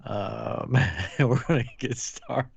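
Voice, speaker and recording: A man's voice: mid-range voice, slow pace, vocal fry, highs cut off. A man hosting a casual live podcast, laughing often and restarting his intro. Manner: giggly, animated, keeps restarting. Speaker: podcast host.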